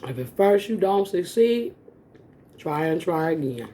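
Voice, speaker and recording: Mellow-voiced woman telling a story. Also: fairly low pitch, unhurried, slight background noise. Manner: animated, laughing often, addresses viewers as y'all. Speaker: mukbang vlogger. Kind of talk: casual storytelling to viewers. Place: home, eating on camera.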